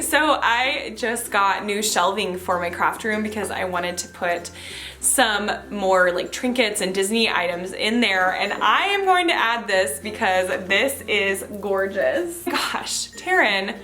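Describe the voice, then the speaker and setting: A young woman chatting casually to camera as a vlogger, gushing and excitable, gasping as she answers questions and opens mail. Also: mid-range voice, very slow, faint music behind. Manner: gushing, excitable, lots of gasps. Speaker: Disney vlogger.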